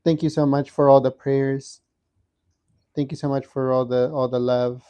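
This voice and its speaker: A man giving a casual livestream update from a hospital room, talking haltingly with many fillers and restarts. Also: medium pitch, flat delivery, warm tone. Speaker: livestream host updating viewers.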